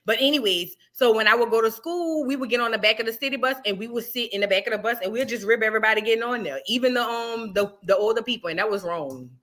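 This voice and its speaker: New woman hosting a livestream, high voice, animated storytelling. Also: quick pace, few pauses. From New Orleans, USA. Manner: chatty, animated storyteller with slangy asides. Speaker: livestream host. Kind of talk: casual livestream chat.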